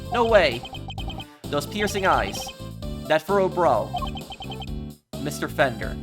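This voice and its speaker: Man doing a cocky lawyer, put-on accent, slow, slick, game music. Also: fairly high pitch. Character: smooth, cocky male defense lawyer. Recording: game music playing underneath.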